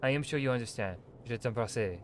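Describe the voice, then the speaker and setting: A man's voice: mid-range voice, brisk, slight background noise, natural voice. A man voicing a refined woman who writes an apologetic farewell letter, read aloud in a hammy mock French accent.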